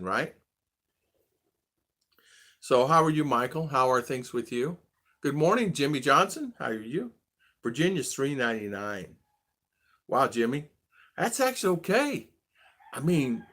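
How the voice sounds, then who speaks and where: A man's voice: mid-range voice, sharp tone. A man from the United States hosting a casual livestream, thinking aloud and greeting viewers by name as he goes. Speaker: vlogger host.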